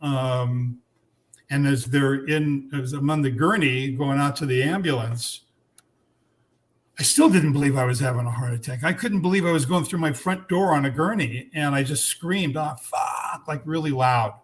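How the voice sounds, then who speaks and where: Guest, man in his 60s, mid pitch, candid storyteller, blunt and halting. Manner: frank, earnest, blunt language, halting restarts.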